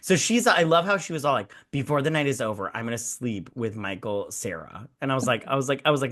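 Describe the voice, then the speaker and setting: A man's voice: medium pitch, lively intonation, fast talker, few pauses, a bit bright. A man hosting a casual movie-review podcast, rambling and swearing, acting out people in mocking quoted voices. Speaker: podcast host. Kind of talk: casual drinking-show movie chat.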